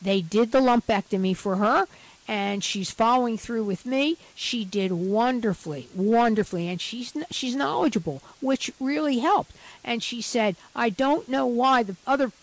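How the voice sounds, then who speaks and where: A woman's voice: fairly high pitch, normal speed, poor audio. A middle-aged woman doctor talking frankly and animatedly about her patients on a radio health show.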